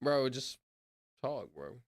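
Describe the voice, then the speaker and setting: A man's voice: medium pitch, big pitch swings, slow, no echo. A man streaming while he counts aloud, chatting casually and drifting off topic as he talks to himself. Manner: rambling, easily sidetracked, talks to himself. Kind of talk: casual livestream chat.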